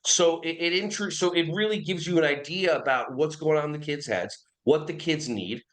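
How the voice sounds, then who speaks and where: Over a rough recording, a New Jersey man in his forties speaks at normal speed in a voice on the high side. He's a podcast guest who trains early childhood behavior, telling stories with casual energy and animation and slipping into silly voices now and then.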